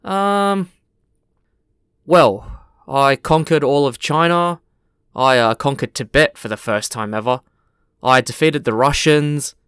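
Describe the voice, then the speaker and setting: Man doing a deadpan old emperor. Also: medium pitch, slow, pauses often, clean tone, dry recording, studio quality. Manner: deadpan, nonchalant. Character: calm old male emperor arriving in heaven.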